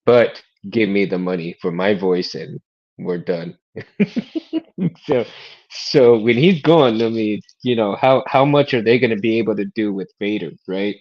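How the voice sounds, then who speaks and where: A man's voice: lowish voice, measured pace, highs cut off. A man hosting a casual chat, rambling, repeating his words and laughing often. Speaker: host.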